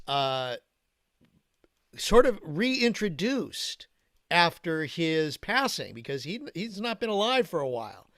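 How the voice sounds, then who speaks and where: A man as co-host of an online group session, explaining haltingly with many pauses. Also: fairly high pitch, a bit bright, no echo, studio quality.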